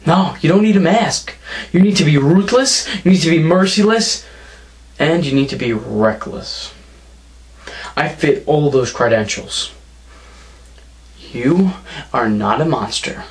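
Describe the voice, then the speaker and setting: A man's voice: on the high side, measured pace, long pauses. A young man delivering a wrestling promo, taunting and mocking his opponent as he trash-talks.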